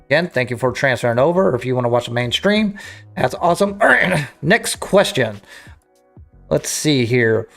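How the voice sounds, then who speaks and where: A man's voice: medium pitch, animated, normal speed, fairly bright tone, faint music behind. Rambling livestream host, man. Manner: rambling, self-interrupting, clears throat. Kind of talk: casual livestream chat.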